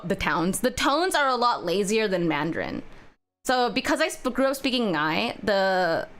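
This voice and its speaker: A young woman with a fairly high voice chats loosely with her viewers while drawing on a livestream. She rambles from one aside to the next, filling gaps with "like" and "um" and laughing often. Soft music plays faintly underneath. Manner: rambling, chatty, laughs often, many fillers. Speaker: art streamer. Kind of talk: casual chat while drawing on stream.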